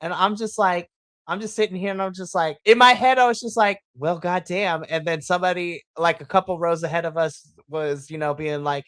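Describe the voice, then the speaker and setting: Excitable, swearing wrestling podcast host. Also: mid-range voice, a little fast, clear, resonant tone, no room sound. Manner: excitable, profane, acts out its own reactions in quotes. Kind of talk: casual wrestling recap chat.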